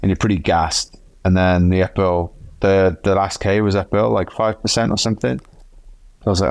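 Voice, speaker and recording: Low-voiced chatty male cyclist. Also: normal speed, gravelly, dry recording. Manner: animated, chatty, acts out quotes. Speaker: professional cyclist and podcast regular. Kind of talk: casual storytelling chat.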